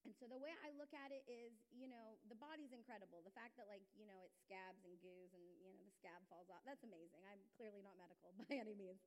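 A young woman giving a sermon, telling stories with animated swings between soft and loud. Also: mid-range voice, fast, hardly any pauses, big-room sound, low-quality recording. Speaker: conference speaker.

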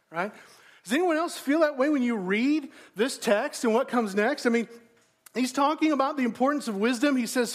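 A man with a notably high-pitched voice preaches a sermon. His delivery is casual and conversational, and he pokes fun at himself. He often checks in with his listeners through direct questions. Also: brisk. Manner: conversational, self-deprecating, asks the congregation questions. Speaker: pastor.

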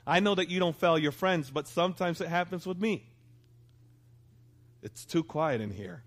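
Male pastor in his thirties, fairly high voice, preaching in a church in a conversational way. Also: normal speed. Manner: conversational preaching, asks congregation for response. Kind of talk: sermon.

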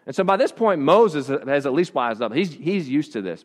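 A man's voice: a little high, big pitch swings, moderate pace, few pauses, long reverb tail. A pastor preaching a conversational sermon to his congregation, often restarting his phrases. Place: church.

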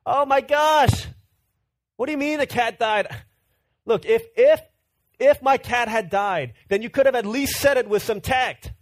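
A man's voice: sits high, fast talker, pitched above the performer's own voice, close to an everyday voice. A man voicing a distraught man in a told joke, exclaiming and then lecturing about tact. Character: frantic heartbroken man, fussy about tact.

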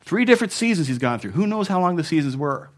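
A pastor delivers a sermon conversationally, chuckling at his own asides and shifting between loud emphasis and soft, hushed passages. His voice is fairly high, very animated, and fast.

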